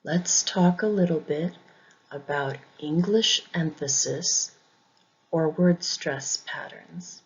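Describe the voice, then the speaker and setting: A woman's voice: low voice, husky, highs cut off. A woman teaching English pronunciation, speaking carefully and repeating each word for learners to copy. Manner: careful, deliberate, repeats words for drilling. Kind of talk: slow, clear pronunciation lesson.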